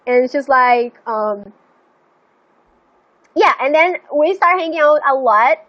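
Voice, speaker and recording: A young woman with a high, light voice tells a story on a live stream. She rambles, leans on "like" constantly and swears casually. The audio is a bit muffled and lo-fi. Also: takes it slowly. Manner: rambling and animated, full of "like" and swearing.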